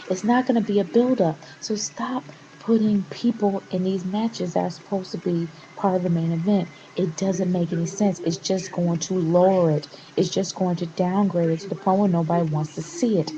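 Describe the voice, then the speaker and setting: A woman vlogger rants to camera with passion and exasperation, rambling and restarting as she goes. Her voice sits on the low side and sounds dull and lo-fi. Steady background noise runs under the whole recording. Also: fairly quick, hardly any pauses. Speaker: wrestling vlogger. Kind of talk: casual opinion rant to camera.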